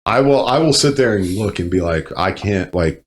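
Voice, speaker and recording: A man, a Marine veteran, telling stories in casual chat, profane and animated with loud bursts. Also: lowish voice, normal speed. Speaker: podcast guest, Marine veteran.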